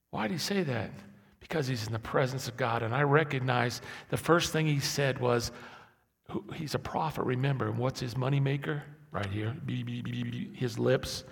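A man in his sixties preaching a sermon, swinging from low, quiet asides to loud, impassioned peaks. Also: normal speed, gravelly. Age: 60s. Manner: impassioned, building to loud emphatic peaks then dropping low. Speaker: pastor. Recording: echoey hall.

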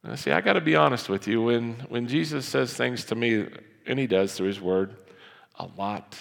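Gravelly animated preacher in a church hall. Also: male voice, mid-range voice, normal speed. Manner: animated, acts out Bible voices, conversational. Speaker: pastor. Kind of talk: sermon.

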